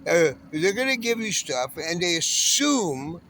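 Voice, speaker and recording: A man in his sixties from Southern California rants at length, bitter and full of curses. His voice sits a little high for a man of his age, and he rails against everything in an uneven, angry flow. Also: sing-song, measured pace, a bit bright, slight background noise. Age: 60s. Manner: profane, bitter, railing. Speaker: homeless panhandler. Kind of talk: angry ranting monologue.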